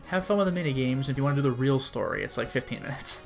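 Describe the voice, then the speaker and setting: A man's voice: mid-range voice, very animated, very fast, vocal fry, faint music behind. A man giving casual, rambling commentary while streaming a game, peppered with fillers. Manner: chatty and rambling, with frequent "like" fillers.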